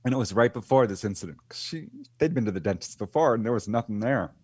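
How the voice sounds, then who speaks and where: A man's voice: fairly low pitch, fast, slightly rough, dry recording. A man being interviewed as a guest, telling a case story casually and acting out the voices of the people in it. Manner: animated retelling, acts out quoted voices. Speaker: guest author and UFO researcher.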